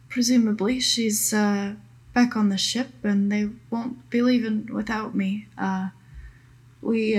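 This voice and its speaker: Woman voicing a tired ship's doctor, husky voice, slow halting speech, full of pauses. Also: fairly high pitch. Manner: hesitant, halting, apologetic. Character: weary female ship's doctor, rough-edged.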